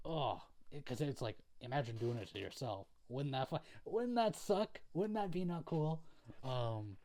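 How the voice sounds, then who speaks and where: A man's voice: medium pitch, darkish tone. A young man casually recapping a story to camera in a rambling, profane way, full of fillers. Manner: rambling, profane, filler-heavy, laid-back. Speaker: video creator.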